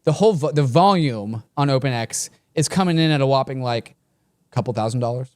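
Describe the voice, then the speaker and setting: A man's voice: medium pitch, animated, brisk, darkish tone. Chatty man co-hosting a podcast. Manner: chatty, lots of "like" fillers. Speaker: podcast co-host. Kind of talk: casual chat.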